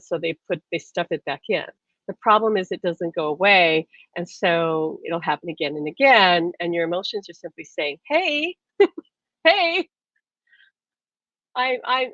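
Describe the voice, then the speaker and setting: A woman's voice: on the low side, a bit bright, dry recording. A woman teaching on a live stream, talking earnestly and repeating herself as she acts out inner voices. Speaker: spiritual teacher. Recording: dry, muffled lo-fi sound.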